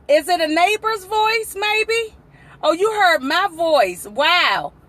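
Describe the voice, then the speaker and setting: A woman's voice: extremely high pitch, expressive, slow pace, fairly bright tone. A woman hosting a casual livestream from her parked car outdoors, chatty, greeting viewers by name and laughing often. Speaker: livestream host.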